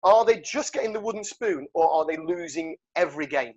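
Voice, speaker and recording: A man hosts a casual rugby podcast in a slightly high, animated, somewhat mellow voice, speaking a little fast. He jokes and rambles with lots of fillers, and the audio sounds dull and lo-fi.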